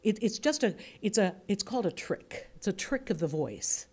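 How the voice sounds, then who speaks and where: A woman's voice: medium pitch, big pitch swings, moderate pace, a little mellow, breathy edge. American woman teaching voice class, chatty, shows off inflections as she goes. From United States. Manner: chatty, demonstrative, shifts pace and inflection to illustrate points. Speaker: voice and speaking workshop instructor. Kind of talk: workshop lecture to a group.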